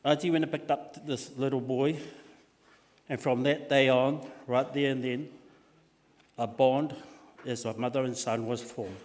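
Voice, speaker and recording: A man's voice: medium pitch, fairly even intonation, a little slow, pauses often. A man giving a funeral eulogy from notes, recalling childhood stories with many restarts. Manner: warm storytelling with frequent uh and restarts. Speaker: family member giving a eulogy. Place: church hall. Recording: long echo of a large church hall.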